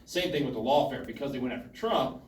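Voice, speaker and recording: Man, mid-pitched voice, earnest commentary, roomy distant sound. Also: fast talker, a little hiss or hum. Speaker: speaker at a town hall. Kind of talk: political commentary to an audience. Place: town hall meeting room. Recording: echoey hall from a distance.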